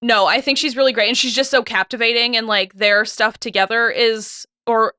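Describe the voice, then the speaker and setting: A woman's voice: on the high side, steady tone, normal speed, bright, forceful tone, clean tone, dry recording, studio quality. A woman co-hosting a casual TV recap chat, talking loosely with many fillers and restarts. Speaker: podcast co-host.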